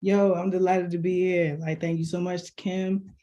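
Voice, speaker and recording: A woman's voice: lowish voice, little pitch movement, moderate pace, mellow, dull audio. A woman with an Alabama Southern accent speaking as a panelist over a video call, breezy and joking. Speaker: panelist, nurse practitioner.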